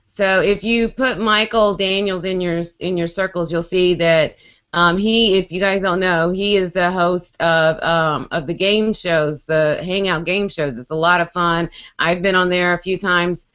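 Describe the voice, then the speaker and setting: A woman's voice: on the low side, fairly even intonation, measured pace, fairly bright tone, clear, resonant tone. A woman co-hosting a casual video-call chat, talkative and playful, laughing often. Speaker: co-host. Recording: muffled lo-fi video-call audio.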